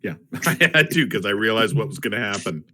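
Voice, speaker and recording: A man's voice: fairly low pitch, animated, brisk, bright, forceful tone. A man playing in a tabletop game, joking and teasing the others in casual banter. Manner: teasing, wisecracking. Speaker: player.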